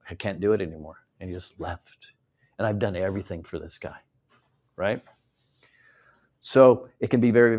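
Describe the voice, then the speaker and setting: American male host, lowish voice, emotional rambling live-audience speech. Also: a little mellow. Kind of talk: speech at a live tour event. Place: event hall with an audience.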